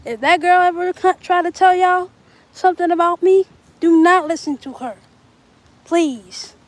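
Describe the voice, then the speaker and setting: A woman's voice: very high voice, a little slow, poor audio. A young woman livestreaming outdoors, rambling casually and talking straight to her viewers. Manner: rambling, chatty, talks to viewers. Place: outdoors in bright sun.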